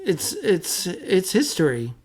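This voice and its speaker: A man hosting a podcast, asking questions in a halting way with frequent restarts. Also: high voice, huge pitch swings, a crowd in the background. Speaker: podcast host.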